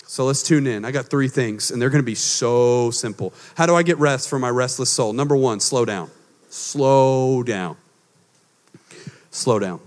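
A pastor preaches with dynamic energy. His fairly high man's voice drops to hushed tones, then climbs to emphatic peaks. Long reverb fills the large church hall. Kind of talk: sermon.

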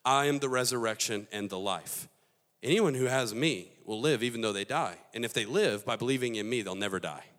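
A man's voice: mid-range voice, fairly quick, a bit bright, lightly acted. A preacher doing an exasperated, insistent man. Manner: emphatic, impatient. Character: exasperated man pressing his point. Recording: long hall reverb.

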